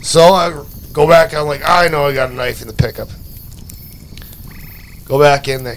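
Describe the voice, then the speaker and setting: A man's voice: fairly high pitch, moderate pace, long pauses, fairly bright tone, a little hiss or hum. A man telling a rambling, profane story in casual chat, stacking fillers as he goes. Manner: rambling and profane, full of "like" and "you know".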